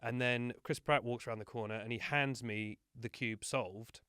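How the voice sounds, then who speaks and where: A man chatting as a podcast guest and spinning self-deprecating anecdotes. His voice sits at an ordinary pitch, and the recording is close and dry, with no room sound. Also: steady tone, normal speed, a bit bright, clean tone, no echo. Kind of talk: casual chat.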